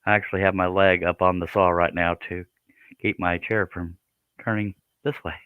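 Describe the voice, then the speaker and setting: A man's voice: low-pitched, level tone, moderate pace, smooth, no echo, phone-quality sound. A man hosting a woodworking live stream, chatting casually and joking as he works. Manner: joking, folksy, laughs often. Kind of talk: casual chat while working.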